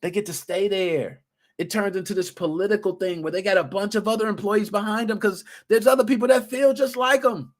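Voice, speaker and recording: A man in his thirties hosting a podcast, chatting casually and telling work stories in a slangy, animated way, acting out what people said. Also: sits high, a little fast. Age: 30s. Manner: animated storytelling, slangy, acts out quotes. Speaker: podcast host. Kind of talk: casual solo podcast talk.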